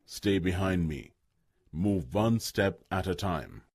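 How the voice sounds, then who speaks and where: A man's voice: low-pitched, animated, takes it slowly, a little mellow, slightly rough, exaggerated voice. A man doing a stern old stag. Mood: commanding. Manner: commanding, grave.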